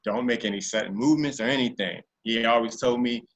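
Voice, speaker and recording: Male podcast guest, casual and animated, tense bright tone. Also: medium pitch, quick pace, few pauses. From Virginia. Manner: animated storyteller who acts out voices in his anecdotes. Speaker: interview guest. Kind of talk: casual storytelling interview.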